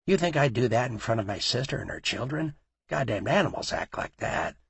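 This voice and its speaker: A man voicing a cold, cruel male mob boss who taunts in a low voice that he rarely raises. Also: big pitch swings, fairly quick, creaky, a bit bright, husky, no echo, full character voice. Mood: lecturing.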